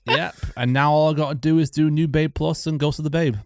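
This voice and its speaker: A man co-hosting a gaming podcast, casually explaining game details in a relaxed, matter-of-fact way. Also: a little high, brisk. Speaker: podcast co-host and streamer. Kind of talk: casual chat.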